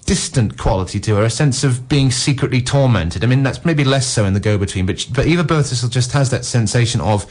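A male film critic on a radio show, talking casually and at length, with frequent "you know" fillers and quick asides. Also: mid-range voice, expressive. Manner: discursive, peppered with "you know" and "no"; acts out characters' lines in passing.

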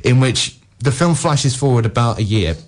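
A male film critic on a radio show, talking casually and at length, with frequent "you know" fillers and quick asides. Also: mid-range voice, lively intonation. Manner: discursive, peppered with "you know" and "no"; acts out characters' lines in passing.

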